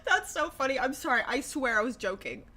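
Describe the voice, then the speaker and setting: Sarcastic young woman livestreamer, fairly high voice. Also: lively intonation, fairly quick, bright, forceful tone. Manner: sarcastic, profane, laughs often. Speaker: livestream host. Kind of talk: casual livestream chat reacting to news.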